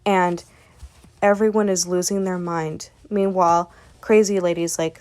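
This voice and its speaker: A woman's voice: fairly low pitch, fairly even intonation, a little slow, a little mellow. A woman casually recapping a webcomic story in a rambling way, relaying each character with "and she's like.". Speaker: webcomic recap channel host.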